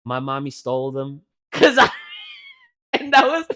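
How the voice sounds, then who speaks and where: At a measured pace and mid-range pitch, a young man in his twenties co-hosts a podcast. His casual storytelling is rambling, profane, and animated, with fillers throughout.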